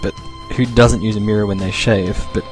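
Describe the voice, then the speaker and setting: Australian man, young, low-pitched, rambling casual podcast talk, irreverent, soft guitar music behind. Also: fairly even intonation, brisk. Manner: rambling, chuckling, loose and irreverent. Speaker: podcast host. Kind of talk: casual solo podcast rant.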